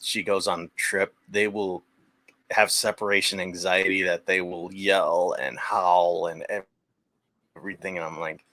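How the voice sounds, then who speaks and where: A man's voice: deep voice, level tone, unhurried, pushed and bright, dry recording. A young man chatting casually as a guest on a stream, rambling with many restarts and the odd swear. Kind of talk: casual chat.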